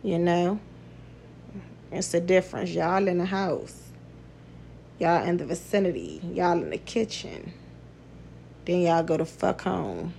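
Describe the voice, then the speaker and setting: Blunt, profane woman with a gravelly voice. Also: fairly low pitch, animated, unhurried, pauses often, darkish tone, slight background noise. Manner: blunt, profane, laughs often. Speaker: podcast host. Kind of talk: casual monologue.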